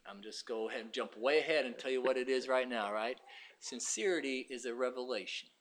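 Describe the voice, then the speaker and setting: A man preaching a sermon with passion, swinging from shouted bursts to hushed, quiet stretches. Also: mid-range voice, brisk.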